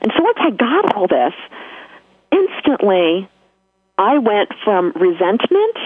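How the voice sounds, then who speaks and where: Over a tinny, dry phone line, a woman with a New York accent tells a personal spiritual story as an interview guest. Her mid-range voice is sing-song, slow, and breathy, with no echo, and she speaks earnestly and emphatically, often restarting.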